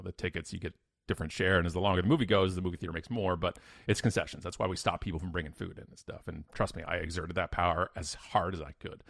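Low-voiced man telling a story. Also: creaky, dry recording, clean studio sound. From Canada. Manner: emphatic, energetic storyteller with sudden loud bursts. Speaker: podcast guest. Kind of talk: animated storytelling in an interview.

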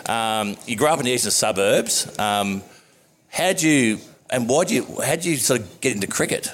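Halting male podcast host. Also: mid-range voice, animated, fairly bright tone. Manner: halting, with many ums and restarts. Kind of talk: casual interview chat.

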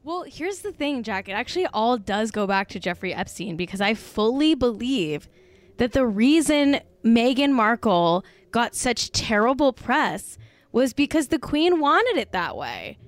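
A woman's voice: a little high, very animated, unhurried, dry recording. A woman co-hosting a casual podcast chat, gossipy and blunt, peppering her talk with "like.". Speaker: podcast co-host.

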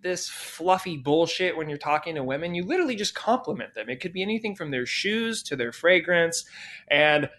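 A man's voice: a little high, lively intonation, brisk, fairly bright tone. A man guest on a podcast, telling a story in a loose, casual way with lots of swearing and fillers. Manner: loose and profane, with many fillers. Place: podcast studio.

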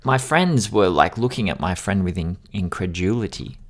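A man's voice: sits low, lively intonation, normal speed. A man co-hosting a podcast, telling stories casually, laughing and swearing freely. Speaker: podcast co-host.

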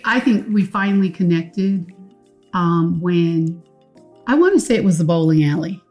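A woman in her fifties telling a shared story in a teasing way and quickly cutting in with jokes. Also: lowish voice, lively intonation, a little mellow, soft background music. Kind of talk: casual storytelling chat.

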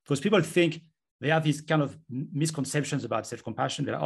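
A man's voice: a little high, fast talker, creaky, husky. A man who is an author, explaining his ideas earnestly in a conversational interview. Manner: earnest, explanatory, talks himself through examples. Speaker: author and guest.

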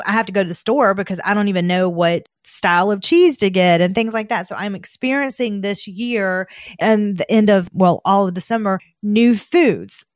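A chatty woman with a Southern American accent talks casually, bursting into excited exclamations. Her voice sits at an ordinary middle pitch. It is recorded close and dry, with no room sound. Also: no room sound. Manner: chatty, gushing, animated exclamations. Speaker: esthetician podcast host. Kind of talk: casual chat.

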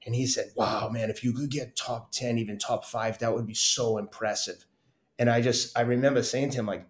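A middle-aged man telling his story as a podcast guest, animated and often laughing as he acts out what others said. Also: medium pitch, moderate pace, roomy sound. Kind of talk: casual storytelling interview.

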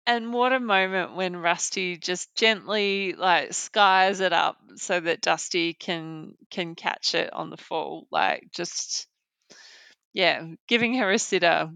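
A woman's voice: on the low side, slow, vocal fry, sharp tone, smooth, no room sound. An Australian woman co-hosting a podcast, chatting enthusiastically and thinking aloud as she talks. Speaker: podcast co-host. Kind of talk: casual chat.

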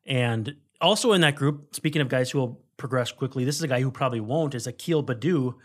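Podcast co-host, male, digressive casual sports talk, mid-pitched voice. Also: a little fast. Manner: rambling, digressive, self-correcting.

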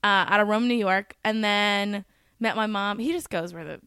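Early-30s female comic guest, smooth clear voice, dry close mic, chatty and quick. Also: mid-range voice, sharp tone, dry recording. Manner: chatty, laughs often, quick asides. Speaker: comedian guest. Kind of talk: casual comedic chat.

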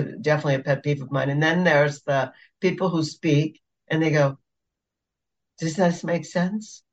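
A woman podcast co-host who works as a facilitator, talking in a casual, emphatic and exasperated way. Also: deep voice. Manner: emphatic, exasperated about pet peeves. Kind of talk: casual chat.

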